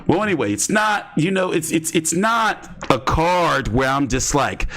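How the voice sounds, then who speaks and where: A man's voice: fairly high pitch, expressive, measured pace, hardly any pauses, a bit bright. A man hosting casual boxing commentary, rambling and joking with slang and lots of fillers. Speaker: host.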